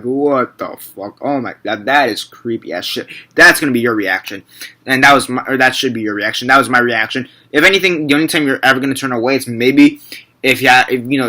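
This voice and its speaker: A young man talks through a film review in a loose, rambling way, circling back and correcting himself as he goes. His voice is bright and forward, sitting at a middle pitch, with casual swearing dropped in. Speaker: movie reviewer. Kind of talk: casual movie review vlog.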